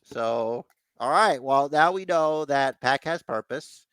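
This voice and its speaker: A man's voice: mid-range voice, slow pace, a bit bright, clean tone, no room sound. A man hosting a casual podcast chat, rambling, blunt and sometimes profane. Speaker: podcast host.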